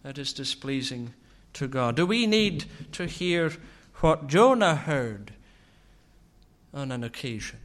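A man preaching a sermon, asking slow, searching rhetorical questions. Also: mid-range voice, sing-song.

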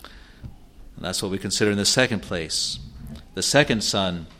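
A man preaching an expository sermon in an earnest way, asking rhetorical questions and answering them, sometimes halting and restarting. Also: low voice, sharp tone, slight background noise.

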